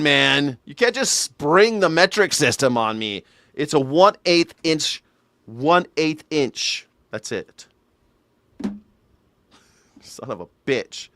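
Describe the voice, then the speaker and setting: A man's voice: on the high side, big pitch swings, takes it slowly, pauses often, a bit bright, dry recording. A man hosting a live news reaction show, ranting with sarcastic mock outrage into a studio mic through a mixer.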